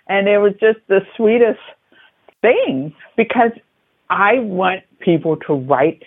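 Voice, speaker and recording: Podcast host, male, slightly high and husky, effusive and emphatic; dry, phone-thin line. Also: expressive, slow pace, no room sound, narrow, tinny audio. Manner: effusive and emphatic, heaps on praise. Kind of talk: conversational interview.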